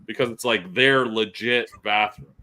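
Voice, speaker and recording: A man's voice: on the low side, measured pace. A male podcast host, telling profane stories in casual chat. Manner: profane, animated storyteller.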